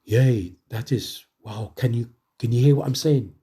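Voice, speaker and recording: A man's voice: mid-range voice, measured pace, dark tone. A middle-aged man preaching a testimony sermon, conversational and emphatic, repeating phrases for emphasis.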